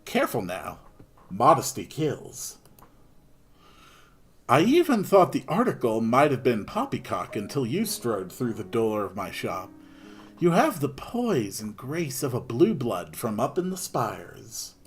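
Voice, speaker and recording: A man's voice: medium pitch, huge pitch swings, a little slow, breathy edge, heavily acted. A man voicing a friendly, talkative older male shopkeeper with folksy, old-fashioned turns of phrase.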